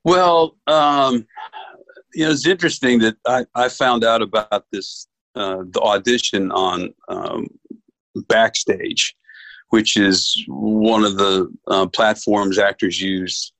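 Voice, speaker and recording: A man from New York, an actor guest, telling stories in a relaxed interview chat and acting out the voices he quotes. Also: fairly low pitch, takes it slowly, no echo, poor audio. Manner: animated storyteller, acts out quoted voices.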